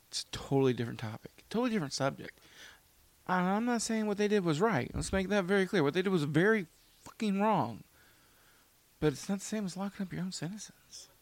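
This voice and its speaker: A man's voice: fairly high pitch, no echo. A man giving a heated, rambling opinion rant, full of fillers and restarts.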